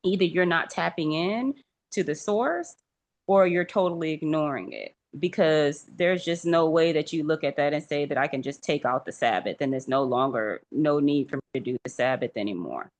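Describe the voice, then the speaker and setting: A woman talking casually in a religious discussion group, animated and acting out what other people say. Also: low voice, normal speed. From rural area. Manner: animated, acts out quoted remarks.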